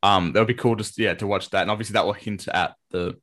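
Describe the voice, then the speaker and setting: A man co-hosts a casual podcast chat, his voice sitting a little low. He rambles in a relaxed way, trailing off and laughing often. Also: fast talker. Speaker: podcast co-host.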